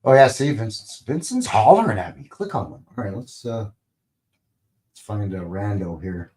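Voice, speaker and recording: A man's voice: on the low side, animated, normal speed, mellow. A man hosting a live stream, chatting casually in a rambling, playful way and tossing in goofy sound effects. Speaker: livestream host.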